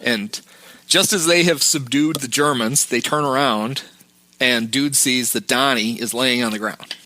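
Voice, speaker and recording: Bright-voiced man recapping a film. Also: mid-range voice, a little slow, dry recording. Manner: recounting scenes, quoting lines. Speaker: podcast co-host. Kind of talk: casual movie recap.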